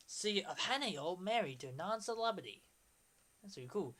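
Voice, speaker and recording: Young male streamer, 20s, bright rambling excitable delivery, casual commentary. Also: high-pitched.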